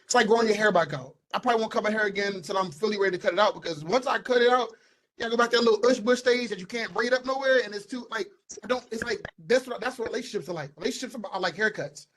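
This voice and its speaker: A young man holds forth on a casual podcast, fairly high in pitch. He is animated and emphatic and circles back over the same words to drive a point home. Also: very fast, slight background noise, low-quality recording. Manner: animated, emphatic, repeats himself for stress. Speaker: podcast co-host. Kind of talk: casual opinionated chat.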